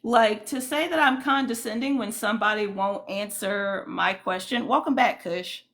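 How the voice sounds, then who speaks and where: Woman streamer with a gravelly fry. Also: mid-range voice, moderate pace, a bit bright. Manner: indignant, rambling commentary with many fillers. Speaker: livestream host. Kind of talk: casual livestream chat with viewers.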